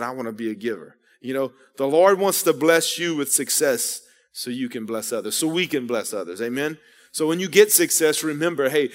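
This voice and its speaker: A fairly high-voiced male pastor preaches an earnest sermon, mixing stories with calls to the congregation. His voice rings through a church hall with a long reverb tail. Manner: earnest preaching with storytelling and call-outs. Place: church sanctuary.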